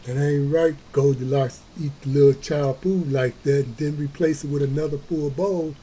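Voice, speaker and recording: A man reading a children's story aloud, slow and folksy, with playful chatty asides. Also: fairly high pitch, fairly even intonation, dark tone, a little hiss or hum, low-quality recording. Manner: slow, folksy, adds playful comments to listeners.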